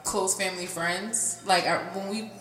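A woman's voice: mid-range voice, moderate pace. A young woman co-hosting a casual chat, telling stories with a lot of laughter. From New York area. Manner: animated storyteller who laughs often. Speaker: podcast co-host. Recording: roomy reverb with faint music.

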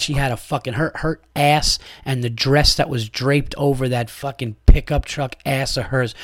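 A man's voice: mid-range voice, no echo, studio quality. Foul-mouthed man ranting into a podcast mic. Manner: angry, crude, rambling with restarts. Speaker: podcast host. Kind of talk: profane rant to listeners.

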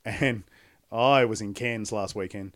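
A man discussing a film casually from his notes, quick and offhand. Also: fairly low pitch. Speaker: podcast co-host with notes.

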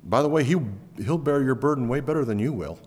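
A man preaching a sermon as pastor, pushing key words up loudly, then falling back low and quiet. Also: lively intonation, fast talker. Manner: emphatic, rising to stress key words, then dropping low. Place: church auditorium. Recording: long hall reverb.

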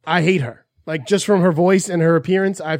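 A man's voice: high voice, fairly even intonation, a little fast, no echo, studio quality. A man co-hosting a podcast, talking in a blunt, crude and profane casual chat. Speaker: podcast co-host.

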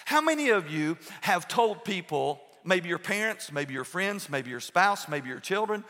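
A man with a high, bright voice preaches earnestly in a long echoing hall. He pauses often and restarts his sentences as he presses his point home. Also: sing-song. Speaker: pastor. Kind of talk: sermon.

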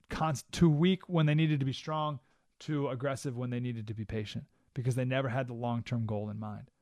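A man's voice: mid-range voice, dry recording. A man hosting a talk radio show, giving an emphatic monologue full of rhetorical questions in a studio. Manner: emphatic, rhetorical questions, keeps asking "right?".

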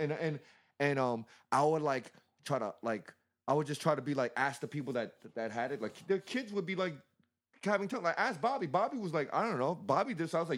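A young man telling stories in casual chat, animated and full of filler words and swearing. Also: mid-range voice, brisk.

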